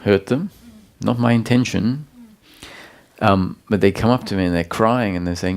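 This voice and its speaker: Low gravelly-voiced man teaching calmly. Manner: calm, explanatory, with frequent pauses and restarts. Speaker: spiritual teacher. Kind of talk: satsang talk.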